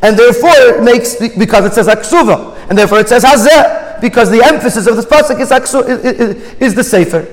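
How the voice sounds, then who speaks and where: A man's voice: extremely high pitch, brisk, few pauses. A man teaching a Torah text study, who reads Hebrew lines aloud and then explains them in English. He repeats and restarts words as he reasons aloud. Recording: long hall reverb.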